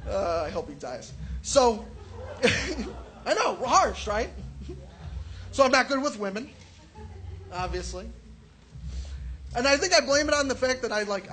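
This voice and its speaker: A man's voice: sits high, fairly bright tone, a little hiss or hum. A young man doing a stand-up comedy set, telling crude, profane stories and acting out quotes. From Chicago area.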